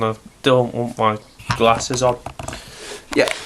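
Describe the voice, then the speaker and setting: A man's voice: medium pitch, slow pace, pauses often, a bit bright, a little hiss or hum. A man, stuffy and nasal from hay fever, rambling chattily through a casual video review and swearing now and then.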